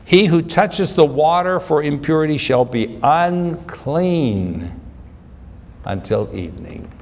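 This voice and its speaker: A man delivers a Bible teaching sermon at an unhurried pace. His somewhat high voice rises and falls widely as he poses questions and circles back over phrases. It echoes with a long reverb in a large hall. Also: lively intonation, gravelly, darkish tone. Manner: explains scripture with questions, repeats and restarts. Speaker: preacher.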